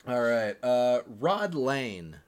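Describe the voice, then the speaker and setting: A man co-hosting a podcast, chatting casually as he runs a quiz, with a relaxed manner, frequent fillers and the odd laugh. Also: mid-range voice, drawn-out words. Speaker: podcast co-host running a quiz.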